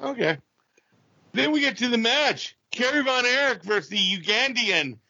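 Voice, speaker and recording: Bright gravelly man hosting a podcast. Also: very high voice, lively intonation, moderate pace, slight background noise. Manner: asks co-hosts questions, blunt opinions. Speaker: podcast co-host. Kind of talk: casual chat. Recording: dry, dull lo-fi audio.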